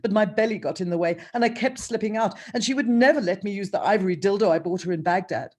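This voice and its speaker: A woman's voice: medium pitch, quick pace, darkish tone, voice pushed up, natural voice. A woman voicing a lustful, self-pitying middle-aged sultan who complains in a whiny tone. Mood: whiny lament.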